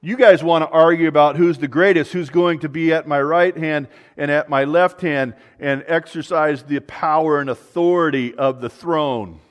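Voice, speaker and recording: A man's voice: fairly high pitch, normal speed, hardly any pauses. Earnest man preaching a sermon. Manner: earnest preaching, swings between loud emphasis and quiet asides. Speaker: pastor.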